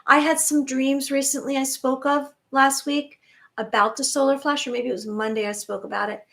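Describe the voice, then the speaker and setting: A spiritual channel host, a woman with a grown daughter, speaks to viewers in a high, fairly even voice at a moderate pace. Gentle and reassuring, her earnest monologue leans on many rhetorical questions.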